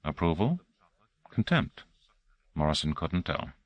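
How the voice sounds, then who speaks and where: A man narrating an audiobook in a steady, measured reading. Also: a bass voice, dry recording, dull audio.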